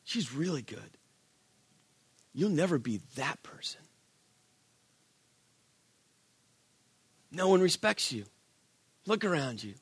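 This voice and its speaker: A man voicing a sly, whispering male devil who murmurs cruel taunts in a low, hushed voice. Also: sing-song, measured pace, husky, no echo, heavily acted. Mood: taunting.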